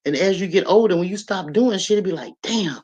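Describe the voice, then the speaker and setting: A woman in her sixties hosting a live stream, talking casually and straight to her viewers, animated and often laughing. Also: fairly low pitch, fast talker. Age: 60s.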